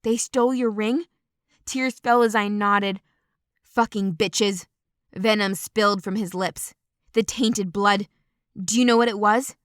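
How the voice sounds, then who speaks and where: A woman reading an audiobook voices a protective young man in a low, steady murmur. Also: unhurried, no room sound, clean studio sound, lightly acted. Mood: tender.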